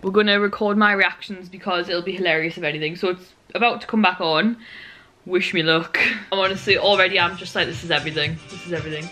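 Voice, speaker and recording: Excitable bright-voiced woman vlogging. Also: fairly low pitch, soft background music. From United Kingdom. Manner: excitable, gushing, rushed chatter. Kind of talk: casual vlog chat. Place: at home in a living room. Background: television audio.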